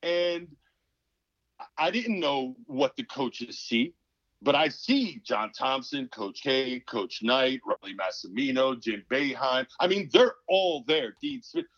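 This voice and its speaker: A man's voice: medium pitch, slow, dry recording. A man in his fifties, a former pro basketball player, telling a story as a podcast guest and acting out the people in it. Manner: animated, acts out quoted people. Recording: dull, dry sound.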